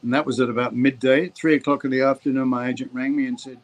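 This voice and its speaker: A man's voice: mid-range voice, level tone, fast talker, hardly any pauses, rough recording. An older man with an Australian accent, reminiscing in an interview. He talks in a mid-range voice, wandering through stories with frequent ums and restarts. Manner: warm anecdotal, hesitant with ums. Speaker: actor guest. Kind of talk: interview storytelling.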